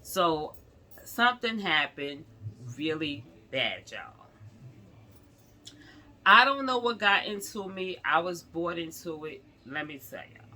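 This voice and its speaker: A woman's voice: on the low side, big pitch swings, takes it slowly, pauses often, sharp tone. A woman vlogger chatting to her viewers in a rambling storytime, often calling them y'all.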